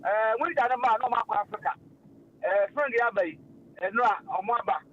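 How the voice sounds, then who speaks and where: Lively man on lo-fi radio. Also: high voice, moderate pace. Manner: animated, mixing languages, frequent fillers and laughs. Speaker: radio host. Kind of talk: casual radio talk. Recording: lo-fi radio stream.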